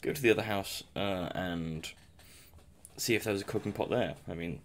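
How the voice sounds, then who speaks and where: A man's voice: deep voice, moderate pace, a little hiss or hum. A young man giving casual, rambling commentary over a survival game, self-mocking and chuckling often. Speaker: gameplay commentator.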